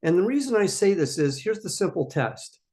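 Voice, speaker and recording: A man's voice: high-pitched, very animated, moderate pace, dark tone. A man hosting a live question-and-answer stream for startup founders, giving emphatic, coaching answers and repeating his key points.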